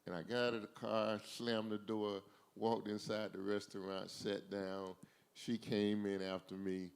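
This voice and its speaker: A man's voice: on the low side, little pitch movement, unhurried, creaky, smooth. A man hosting a talk, earnestly telling a personal story in a reflective way.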